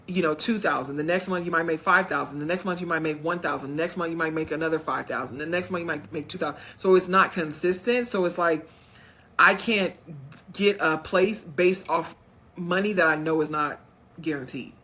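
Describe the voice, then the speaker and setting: A woman's voice: sits low, a little fast, sharp tone. Chatty woman telling a storytime vlog. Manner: chatty, talks straight to viewers; acts out others' voices in quotes. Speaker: vlogger. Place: at home in her condo.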